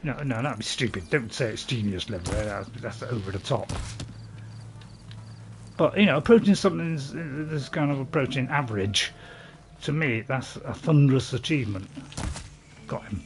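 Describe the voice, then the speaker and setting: A man hosting a gaming channel, giving live commentary as he plays and talking to himself, swinging between panic and calm. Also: mid-range voice, normal speed, long pauses, slight background noise.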